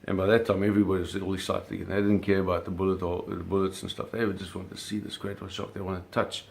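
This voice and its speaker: Male storyteller, low and gravelly; casual, vivid, swears easily. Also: little pitch movement, fast. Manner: vivid, swears casually, acts out sounds and scenes. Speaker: storyteller recounting a personal experience.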